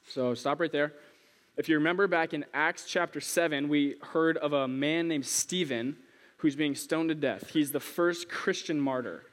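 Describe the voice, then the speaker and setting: A man's voice: a little high, normal speed. A young man giving a casual sermon, a chatty, self-deprecating storyteller who jokes before his Bible teaching. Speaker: youth preacher. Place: church hall. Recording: long hall reverb.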